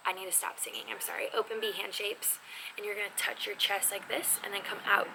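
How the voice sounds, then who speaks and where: A woman teaching a casual video lesson on sign language, talking in an animated, expressive, chatty way. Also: medium pitch, fairly quick, vocal fry. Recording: noisy background.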